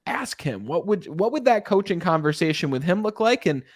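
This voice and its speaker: A man's voice: high-pitched, big pitch swings, moderate pace, no room sound, clean studio sound. A man hosting a podcast, enthusiastically posing long, layered questions to his guest. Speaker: podcast host. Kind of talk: interview conversation.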